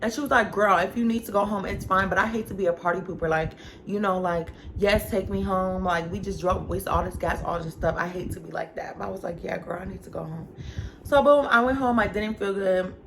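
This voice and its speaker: Young woman, casual storytime vlog, chatty and animated, mid pitch, faint background hiss. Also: brisk, creaky. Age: young adult. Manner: chatty, animated, addresses viewers as y'all and girl. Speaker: vlogger.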